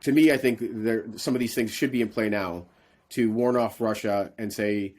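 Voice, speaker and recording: A man, a guest in a conversational interview, speaks in a measured way with frequent restarts and fillers. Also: lowish voice, darkish tone.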